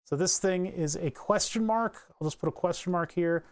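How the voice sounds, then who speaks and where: A man giving a casual electronics tutorial, thinking aloud as he traces a circuit board, rambling and joking and grumbling wryly about his software. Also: sits high, normal speed. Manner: rambling, joking, mutters while drawing. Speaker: electronics hobbyist explaining circuit tracing.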